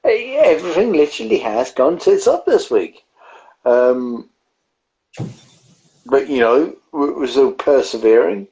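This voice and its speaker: A man co-hosting a casual beer chat stream, rambling along with plenty of swearing. His voice is gravelly and rough, and his pitch rises and falls a lot as he talks. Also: lively intonation, measured pace, long pauses, mellow, highs cut off. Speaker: beer review co-host.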